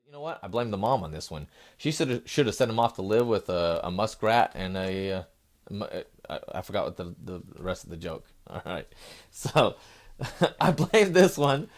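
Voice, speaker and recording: A man's voice: deep voice, normal speed. A middle-aged man hosting a satirical news show, acting out shoppers and clerks and sometimes fumbling and restarting his lines. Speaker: host.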